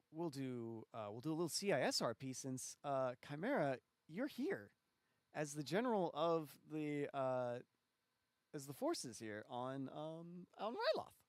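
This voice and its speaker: A man's voice: a little high, big pitch swings, slow, long pauses, no echo. A young man acting as game master, talking casually and hesitantly with many fillers over voice chat. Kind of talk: running a tabletop role-play session.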